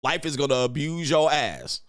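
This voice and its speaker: A man's voice: on the high side, big pitch swings, normal speed, fairly bright tone, no echo, studio quality. A man giving casual, profane reaction commentary on parenting clips, blunt and laughing often.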